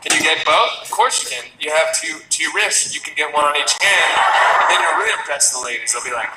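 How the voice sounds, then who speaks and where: A man performing a stand-up comedy set, with a wry, rambling delivery broken by sudden shouted bursts. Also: on the high side, animated, brisk, reverberant, recorded from a distance, very noisy.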